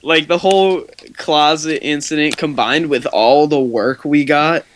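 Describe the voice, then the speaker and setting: A man's voice: a little high, a little slow, slight background noise. A teenage man chatting casually on a podcast, giving short laid-back replies. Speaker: podcast co-host. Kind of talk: casual chat.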